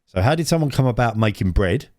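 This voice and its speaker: A man's voice: medium pitch, lively intonation, fast talker, darkish tone, no room sound, clean studio sound. A man co-hosting a casual podcast chat, rambling with many restarts. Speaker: podcast co-host. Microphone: own mic, remote.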